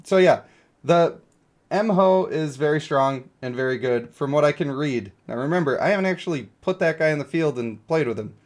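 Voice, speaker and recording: A man's voice: on the high side, expressive, normal speed. A young man streaming a mobile game, rambling and joking as he thinks aloud about characters. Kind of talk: casual live-stream commentary.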